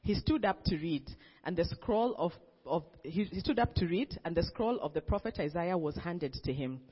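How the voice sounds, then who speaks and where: A man's voice: high voice, animated, moderate pace, husky. A man reading scripture aloud in a plain manner, often stumbling and restarting a phrase. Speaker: scripture reader. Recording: dull, reverberant recording.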